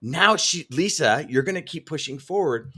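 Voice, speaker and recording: A man's voice: a little high, lively intonation, moderate pace, bright, forceful tone, slightly rough. A man co-hosting a live sales show, reading viewer comments aloud and cheering them on with enthusiasm. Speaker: podcast co-host.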